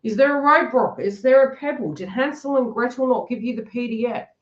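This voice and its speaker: A woman's voice: fairly high pitch, a little fast, dull audio. A woman giving a live-stream tarot reading, chatty and giggly, often acting out the listener's inner thoughts in quoted asides. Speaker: tarot reader.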